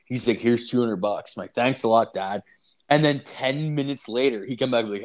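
A man's voice: medium pitch, fairly quick, background noise. A man co-hosting a podcast, telling rambling anecdotes full of swearing in casual chat. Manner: profane rambling storytelling. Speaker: podcast co-host.

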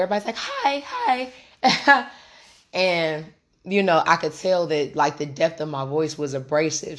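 A woman in her late twenties with a deep, hoarse voice, hosting a casual spiritual podcast, candid and profane as she speaks straight to listeners. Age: late 20s. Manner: candid, profane, conversational, addresses listeners directly. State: hoarse, recovering from lost voice. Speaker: podcast host and tarot reader.

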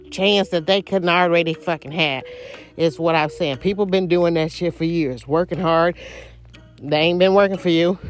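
A woman in a casual monologue rant, blunt, heavily profane, rambling and repeating herself. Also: on the low side.

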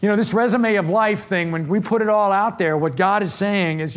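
A man's voice: sits high, normal speed. A man giving a sermon in an earnest style, building his points with repeated phrases. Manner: earnest, gets emotional about faith. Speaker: speaker giving a faith talk.

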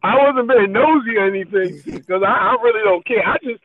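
A man with a high voice tells a rambling story in casual chat, laughing as he goes. His loose, easy delivery comes through a tinny, phone-like line. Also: fairly quick, crowd noise. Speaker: podcast co-host.

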